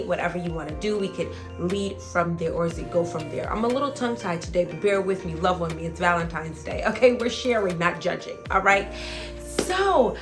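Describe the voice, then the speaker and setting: A woman vlogger and spiritual advisor chatting casually to camera in a playful, animated way, speaking. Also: fairly low pitch. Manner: animated, playful, talks straight to viewers with "y'all".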